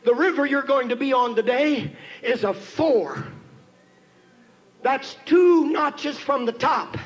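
A man preaching a sermon, telling a story and building to shouted emphasis as he calls on the congregation. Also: very high-pitched, slow, poor audio. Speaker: pastor. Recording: 1990s church sermon tape with faint hiss.

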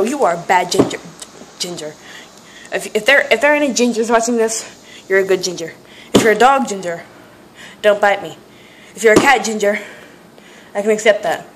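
A young woman vlogging at home and outdoors, giddy and rambling, breaking into squeals and screams. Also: medium pitch. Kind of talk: hyper solo vlog. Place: home kitchen, then outdoors in a yard. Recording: noisy home camera audio.

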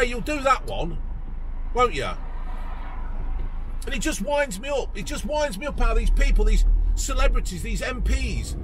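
A man delivering a blunt, sweary, exasperated rant to camera as a vlogger. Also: very high-pitched. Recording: loud outdoor traffic noise.

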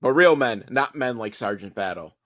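A man's voice: mid-range voice, lively intonation, normal speed, a bit bright. A man giving a casual, comedic movie recap, rambling and sarcastic with some swearing. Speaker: movie reviewer.

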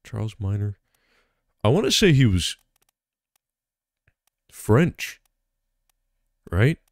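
A man's voice: on the low side, slow pace, no room sound, studio quality. A man streaming a game, thinking aloud casually and exclaiming when things go wrong. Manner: animated, exclaims and swears. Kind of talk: casual gaming commentary.

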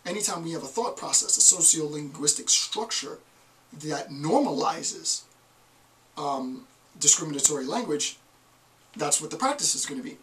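A man's voice: on the high side, animated, normal speed, fairly bright tone, distant mic, poor audio. Emphatic American man lecturing. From United States. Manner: emphatic, rhetorical questions answered himself. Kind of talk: recorded online lecture.

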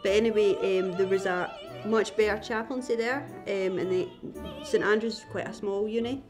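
A woman's voice: mid-range voice, normal speed, music in the background. Young Scottish woman, podcast guest, chatty, laughs easily, acts out anecdotes. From Scotland. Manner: chatty storyteller, laughs often, acts out voices. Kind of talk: casual chat.

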